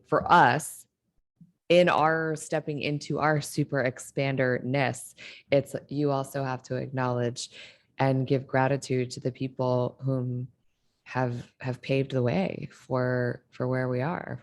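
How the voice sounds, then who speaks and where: Low-pitched woman host, effusive and upbeat, conversational interview style. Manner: enthusiastic, effusive, laughs easily. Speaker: podcast host. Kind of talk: casual interview talk.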